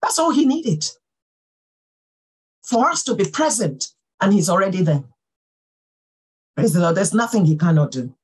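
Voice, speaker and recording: A woman pastor giving a sermon, fervent and full of praise exclamations, swinging from soft talk to calling out. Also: mid-range voice, very animated, measured pace, long pauses, slightly rough, low-quality recording.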